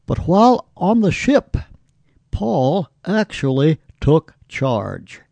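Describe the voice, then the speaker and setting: A man, likely older, preaching a sermon slowly and emphatically, with rising exclamations. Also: on the high side, very animated, vocal fry, warm tone, no room sound.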